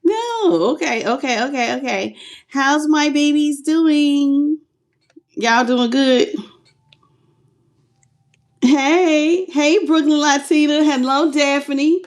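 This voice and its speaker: A woman with a fairly high voice runs a live tarot stream. She greets each viewer by name in a playful, affectionate manner and laughs easily. She stretches out her hellos before turning to the cards. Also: slow, long pauses. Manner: warm, playful, calls viewers "baby" and "boo", laughs often.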